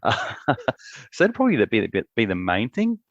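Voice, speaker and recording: Gravelly man, lo-fi chat. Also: lowish voice, normal speed, no room sound. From Australia. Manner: relaxed, rambling, with frequent restarts and laughs. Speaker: podcast co-host. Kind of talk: casual chat.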